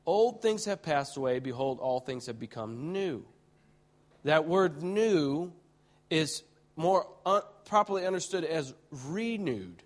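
A male preacher telling a vivid vision story in a sermon, excitable and full of restarts, swinging from hushed tones to shouts. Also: on the high side, takes it slowly.

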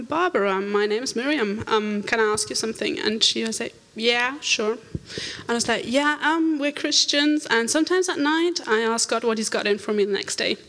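A woman telling an animated church testimony, laughing often and acting out the voices in her story. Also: a little high. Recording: reverberant hall.

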